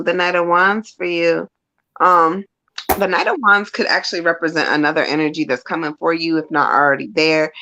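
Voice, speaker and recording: A woman's voice: low-pitched, fairly bright tone, highs cut off. A woman reading tarot cards live, explaining each card frankly. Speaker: tarot reader.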